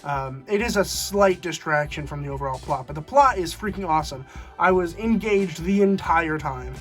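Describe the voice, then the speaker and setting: A man's voice: fairly high pitch, animated, moderate pace, fairly bright tone, soft background music. A young man giving a casual spoken movie review, rambling with many fillers and restarts.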